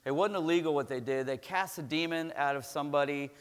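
A man's voice: a little high, fairly quick, smooth. A middle-aged man from Florida preaching a sermon in a chatty, conversational way, often checking in with the congregation. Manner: conversational, keeps checking in with "right?". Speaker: pastor. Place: church sanctuary. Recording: long reverb of a large church hall.

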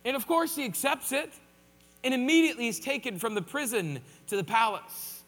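A man's voice: very high-pitched, fairly quick, a bit bright, big-room sound. A man preaching a sermon in a conversational way, with joking asides. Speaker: pastor.

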